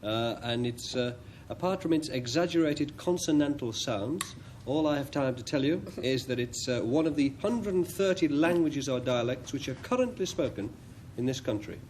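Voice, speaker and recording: A man explains a definition in a measured, hesitant manner, pausing often as he goes. His voice sits mid-range, with a faint hiss of a 1980s TV studio behind it. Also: mid-range voice, animated, darkish tone. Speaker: panellist.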